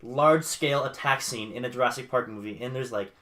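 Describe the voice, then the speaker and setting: Male panelist, very bright, fast-talking, eager, faint noise. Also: medium pitch. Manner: quick, enthusiastic, jokey. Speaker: panel guest. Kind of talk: casual group debate.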